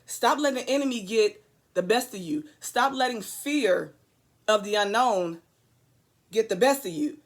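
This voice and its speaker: A woman's voice: on the high side, expressive, measured pace. Earnest preachy woman giving a pep talk. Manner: earnest, preachy, emphatic repetition; loose, rambling asides. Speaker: vlogger. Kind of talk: motivational talk to camera.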